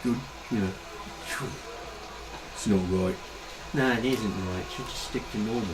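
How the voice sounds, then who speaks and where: A man's voice: on the low side, measured pace, background noise, lightly acted. A man voicing a leering Cockney layabout who mutters and rambles on in slang. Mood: rambling.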